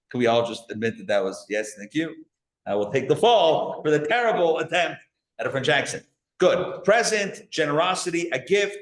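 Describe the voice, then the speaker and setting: A man teaching a live class as a rabbi, animated, asking the audience questions and joking along the way. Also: on the high side. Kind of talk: lively live lecture. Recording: echoey room.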